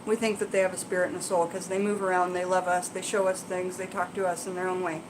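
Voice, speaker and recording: A woman's voice: fairly low pitch, level tone, quick pace, background noise. A woman hosting a casual live Q&A, reading passages aloud and explaining them in a chatty, rambling way with asides to viewers. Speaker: herbalism channel host.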